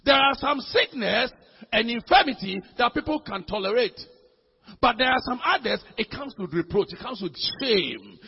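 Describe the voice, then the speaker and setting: A man preaching a sermon, swinging from shouts to low, intense lines and repeating words as he builds. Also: sing-song, normal speed. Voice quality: husky, gravelly voice. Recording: dull lo-fi hall recording.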